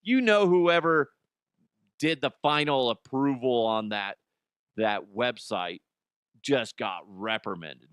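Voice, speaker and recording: A man's voice: fairly low pitch, fairly bright tone, clean tone, no echo, clean studio sound. A man hosting a comedic news segment, rambling, swearing and laughing at his own jokes. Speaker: host.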